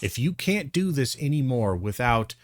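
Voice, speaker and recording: Streamer, man, mid pitch, dry close sound, blunt and profane, exasperated commentary. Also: sing-song, normal speed, no echo. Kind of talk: reaction commentary.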